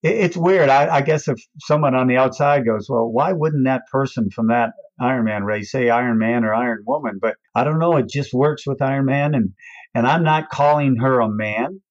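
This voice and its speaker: Older man telling an animated story. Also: normal speed, dry recording. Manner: acts out quoted voices with big pitch swings. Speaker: race announcer. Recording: dull, dry recording.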